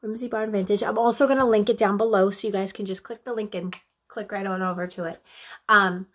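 A woman in her thirties unboxing gifts in a casual vlog, gushing and excitable as she talks straight to her viewers, and turning soft and halting when she is moved. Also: mid-range voice. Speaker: vlogger.

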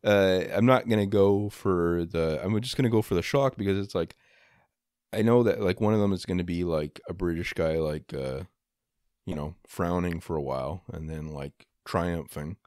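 A man with a low voice hosts a casual podcast discussion. He rambles and hedges, circling his point with fillers. The sound is dry, with no room echo. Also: moderate pace, darkish tone. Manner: rambling, hedging with many fillers. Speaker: podcast host.

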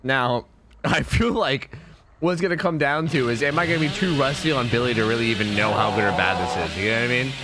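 A young gaming streamer talks fairly quickly in a medium-pitched voice, joking around as he comments casually on his own gameplay. He's animated and addresses players on screen, with a noisy background behind him.

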